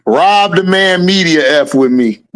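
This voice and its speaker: A man with a high-pitched voice hosts a laid-back livestream, greeting viewers by name and laughing through his replies. He takes his time and speaks. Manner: reads out viewer names and answers chat, laughs often. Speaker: livestream host. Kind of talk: casual live-chat commentary.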